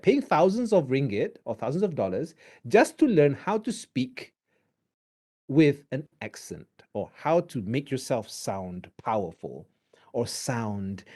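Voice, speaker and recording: A man with a Malaysian accent giving a drama lecture, switching between English and Malay and acting out examples as he teaches. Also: medium pitch. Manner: animated, mixes English with Malay; acts out examples while teaching.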